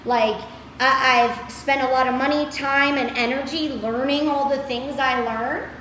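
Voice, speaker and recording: A woman's voice: high-pitched, steady tone, measured pace, fairly bright tone, a little hiss or hum. A woman, giving an upbeat, rambling motivational talk to her followers, saying "y'all" and "girl". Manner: chatty, upbeat, scattered, says "y'all" and "girl". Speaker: motivational creator. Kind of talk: casual motivational talk to camera. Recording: echoey room with faint ambience.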